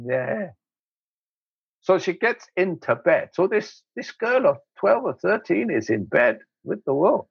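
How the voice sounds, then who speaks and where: A man, an interview guest, telling anecdotes in an animated way, laughing often and acting out voices. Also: high-pitched, unhurried, vocal fry, slightly rough, dry recording, muffled recording. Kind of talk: anecdotal storytelling.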